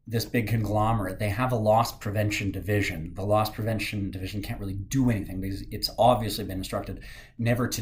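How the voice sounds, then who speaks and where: A man's voice: fairly low pitch, slight background noise. A man in his forties, a former lawyer, giving casual commentary on a legal case from his office, rambling and making jokey asides.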